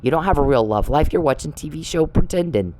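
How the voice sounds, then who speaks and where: A low, expressive, warm-toned woman talks fast on a low-quality recording with slight background noise. She's a podcast host giving an angry personal monologue, bluntly narrating a story with swearing while accusing someone she addresses.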